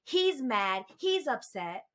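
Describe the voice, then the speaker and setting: A woman's voice: on the high side, very animated, slow pace, a bit bright. A woman co-hosting a casual podcast chat, telling stories animatedly and acting out the people she quotes. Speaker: podcast co-host.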